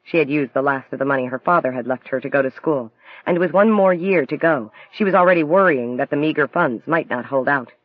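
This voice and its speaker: A man narrates a romance novel in an even, measured way. His voice sits fairly high, and the recording is dry and a little muffled. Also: no room sound. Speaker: audiobook narrator. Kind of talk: scripted audiobook narration.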